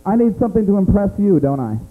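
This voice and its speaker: Doing a stand-up set in a small club, an American man brashly teases audience members by name as crowd work. His voice sits high, very animated and fast, with phone-quality sound.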